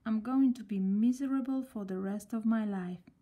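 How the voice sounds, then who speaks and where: A woman's voice: fairly high pitch, moderate pace, warm tone, natural voice. A woman voicing a tearful little girl character in a storybook reading, speaking mournfully. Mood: miserable. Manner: mournful, sighing.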